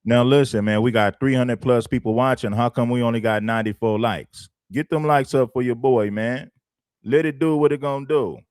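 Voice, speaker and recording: A man's voice: medium pitch, moderate pace, a little mellow, clean tone, no room sound, studio quality. A man hosting a livestream, giving blunt, preachy opinions and repeating phrases for emphasis. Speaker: livestream host.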